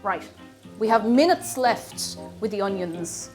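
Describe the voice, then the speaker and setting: A woman's voice: mid-range voice, takes it slowly, over music. A woman with an Irish accent, chatting casually and laughing with her viewers as she cooks on a live stream. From Ireland. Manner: chatty, laughs often, thanks viewers by name.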